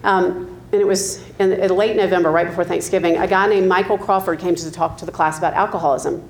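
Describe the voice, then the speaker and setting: A woman in her fifties from the American South tells her story in a low-pitched, candid voice. She talks casually with ums and light laughs, and a faint noise sits behind her. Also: fairly even intonation, fairly quick. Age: 50s. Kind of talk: personal testimony.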